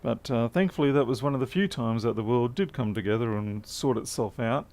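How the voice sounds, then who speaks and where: A man's voice: mid-range voice, a little fast, darkish tone. A man chatting casually and dryly while working, answering viewers' questions. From Australia. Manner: chatty, dry humour, answers chat questions. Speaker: repair streamer. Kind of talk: casual live-stream chat while working.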